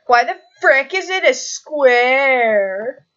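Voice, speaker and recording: A woman's voice: high-pitched, slow, fairly bright tone, dull audio. A woman streaming live in casual chat, goofy and giggly, dragging out a silly catchphrase.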